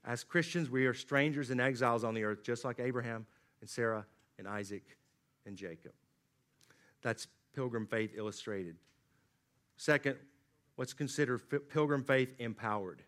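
A man preaching a sermon, swinging from loud emphatic lines to low, quiet drops. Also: normal speed, pauses often. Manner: dynamic preaching, rising emphatic then dropping low and quiet. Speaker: pastor.

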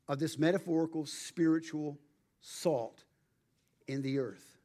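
A man preaching a sermon, emphatic and measured, with dramatic pauses. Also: fairly high pitch, steady tone, dark tone. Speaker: pastor.

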